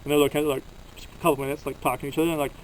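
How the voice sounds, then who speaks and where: A man's voice: on the high side, level tone, rapid-fire, slight background noise, rough recording. A young man from Canada telling travel stories in a casual, rambling vlog, full of fillers, recorded outdoors at a desert campsite. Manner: rambling, filler-heavy storytelling. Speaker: vlogger.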